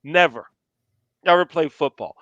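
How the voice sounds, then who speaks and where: A man with a high, bright voice tells stories in a relaxed, animated way. He repeats key phrases for emphasis, and the sound is dry and close. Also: measured pace, no echo, highs cut off. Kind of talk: casual storytelling.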